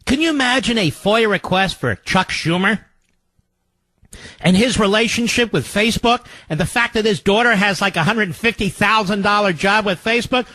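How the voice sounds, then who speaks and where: In a dry recording, an older man hosting a radio talk show speaks at a normal speed. His sarcastic political monologue is mocking and theatrical, alternating loud jabs with quiet mutters.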